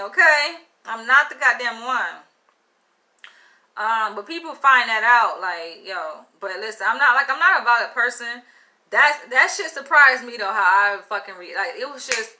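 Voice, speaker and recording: Animated, swearing young woman storyteller. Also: fairly high pitch. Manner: animated, swears constantly, says "yo" and "like". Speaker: vlogger. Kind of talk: casual storytelling to camera.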